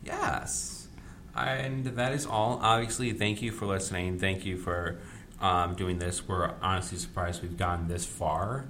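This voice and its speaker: A man's voice: low voice, steady tone, measured pace, a bit bright, a little hiss or hum. A college-age man co-hosting a podcast in casual chat, laughing easily and trailing off into fillers. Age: 20s. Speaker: podcast co-host.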